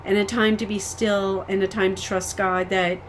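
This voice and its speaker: A woman from the United States talks straight to camera in a loose, rambling update. She vents her frustrations openly, tripping over restarts and filling gaps with ums, at a steady middle pitch with a faint hiss behind her. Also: moderate pace. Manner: frustrated and candid. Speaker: vlogger. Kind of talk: casual personal update.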